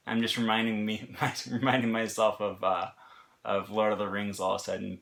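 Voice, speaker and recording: A man's voice: on the low side, flat delivery, moderate pace, gravelly, a bit bright. A man with an American accent explaining pronunciation in a casual lesson, talking in short bursts with fillers and restarts. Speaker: language teacher.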